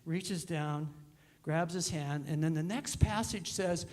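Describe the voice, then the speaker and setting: A middle-aged male minister giving a conversational, animated sermon in a church. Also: on the high side, takes it slowly. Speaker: guest minister. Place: church sanctuary.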